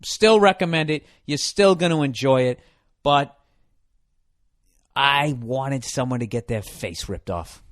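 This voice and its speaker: A man's voice: medium pitch, expressive, a little slow, long pauses, no room sound, clean studio sound. A man hosting a podcast, ranting in an exasperated, profane, comedic way. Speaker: podcast host. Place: hot room.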